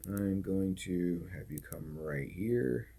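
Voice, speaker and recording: Taking it slowly in a deep, warm voice with vocal fry, a man streams a game and rambles in an easygoing way full of "like" and "dude." His delivery is animated.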